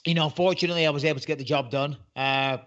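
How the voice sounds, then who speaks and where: A man in his forties with a Northern English accent tells his story to an interviewer, his voice sitting fairly high for a man. He talks in a lively, joking way, often laughing things off before he turns serious. The recording is muffled and lo-fi. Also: very fast. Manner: chatty, jokey, animated. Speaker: interview guest, former fighter turned commentator. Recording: muffled lo-fi audio.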